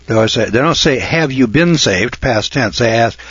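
Hosting a radio program, a husky man in his late sixties speaks in a folksy, assured monologue, his lively intonation jumping from muttered asides to loud shouting. He keeps a moderate pace with few pauses, and the recording is dry, dull, and lo-fi.

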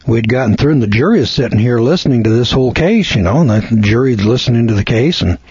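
A man's voice: medium pitch, animated, fast talker, darkish tone, husky, no echo. A man giving a seminar lecture, telling a story in a folksy, colloquial, emphatic way, on a dull lo-fi recording. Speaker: seminar speaker.

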